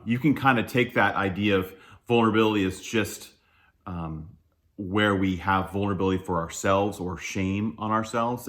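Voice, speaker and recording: This church speaker has a lowish, slightly bright voice and delivers a casual, conversational sermon. He's candid and self-deprecating, chuckling a lot and speaking loosely with fillers and restarts.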